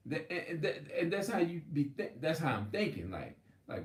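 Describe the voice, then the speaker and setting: A man's voice: a little high, big pitch swings, brisk, few pauses, reverberant. A man preaching in a rambling, heated, profane monologue. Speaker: religious video host.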